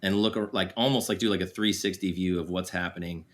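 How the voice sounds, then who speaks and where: A man's voice: low-pitched, steady tone, fast, a bit bright, a little hiss or hum. Candid, self-mocking middle-aged man. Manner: candid, self-deprecating, laughs easily, many fillers. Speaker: podcast guest, father. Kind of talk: casual candid conversation.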